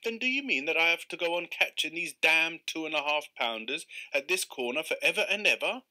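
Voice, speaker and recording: A man voicing an excitable gentleman angler who exclaims and grows indignant. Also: fairly high pitch, a little fast, pitched above the performer's own voice. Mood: exasperated.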